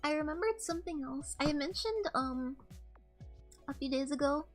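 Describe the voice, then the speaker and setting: Young female streamer, high pitch, rambling and candid, casual chat, faint music bed. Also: animated, normal speed. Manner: rambling, candid storytelling with swearing. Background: faint background music.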